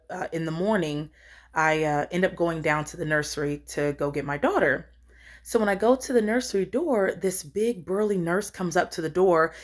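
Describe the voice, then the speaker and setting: A woman in her thirties telling a personal story in a rambling, earnest way, acting out what each person said. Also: fairly low pitch. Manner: rambling, earnest, acts out quoted lines. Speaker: storyteller vlogger. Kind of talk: casual storytime.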